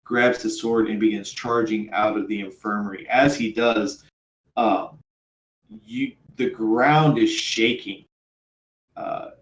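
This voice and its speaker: A man's voice: lowish voice, takes it slowly. Hesitant man narrating as game master. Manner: hesitant narration full of ums and uhs. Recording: roomy echo, faint background hum.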